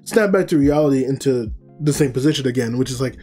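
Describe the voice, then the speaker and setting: A man casually recaps an anime episode, rambling and often correcting himself mid-sentence. His voice is mellow and relaxed. Faint music runs underneath. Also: medium pitch, fast, breathy edge. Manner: rambling, with many fillers and self-corrections. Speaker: anime reviewer.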